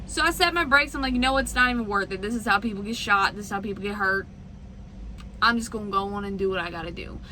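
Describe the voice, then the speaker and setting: Bright-voiced woman trucker ranting. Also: mid-range voice, fast, a little hiss or hum, poor audio. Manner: animated, exasperated ranting. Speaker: truck driver vlogger. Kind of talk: casual ranting vlog.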